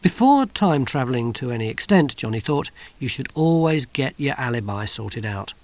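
A man reading an audiobook in an expressive style, voicing many characters. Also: medium pitch, moderate pace, dry recording. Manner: expressive, animated. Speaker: audiobook narrator.

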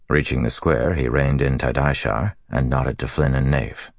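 A man narrating a fantasy audiobook in an extremely deep, gravelly voice. His delivery is steady and even, and the sound is dry and close to the mic. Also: normal speed, hardly any pauses, dry recording.

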